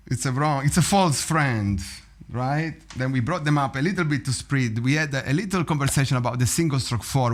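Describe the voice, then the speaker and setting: Man, lively drum teacher. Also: mid-range voice. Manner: animated, vocalizes drum rhythms, laughs often. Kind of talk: practice session teaching. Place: drum studio.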